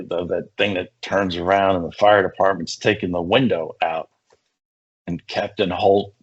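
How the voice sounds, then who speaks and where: An older man, a retired police negotiator, telling animated stories in casual conversation and acting out the people he quotes. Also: low-pitched. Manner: animated anecdotes, acts out quoted voices. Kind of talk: casual storytelling. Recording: muffled lo-fi sound.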